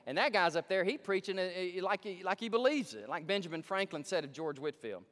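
An emphatic male pastor preaching in a large church sanctuary. His voice is high and very lively, and it swings from hushed pleading to loud excitement. A long hall reverb trails after every phrase. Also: brisk, few pauses. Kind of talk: sermon.

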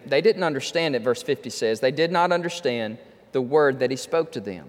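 A man's voice: mid-range voice, lively intonation, brisk, big-room sound. A man preaching a sermon, talking conversationally and building to impassioned pleading. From Texas. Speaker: pastor.

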